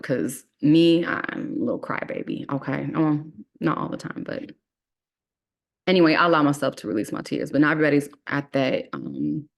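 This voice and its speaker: A woman teaching an online astrology class in a chatty, reassuring way, often checking in with "okay?" and speaking. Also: sits low.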